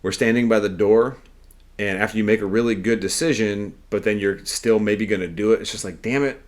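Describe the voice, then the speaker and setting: A man's voice: fairly low pitch, fairly quick. A man hosting a podcast, telling a story in an earnest, rambling, conversational way. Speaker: podcast host. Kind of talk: casual storytelling monologue.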